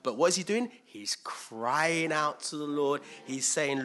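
A man preaching a conversational sermon, animated and thinking aloud, switching between loud emphasis and quiet asides. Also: on the high side, unhurried, few pauses. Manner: thinks aloud with restarts and acts out quotes.

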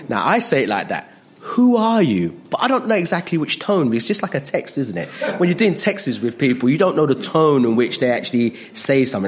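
Male preacher, lively swooping delivery, jokey and animated, faint background noise. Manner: animated, jokey, acts out voices with big pitch jumps. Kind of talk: sermon.

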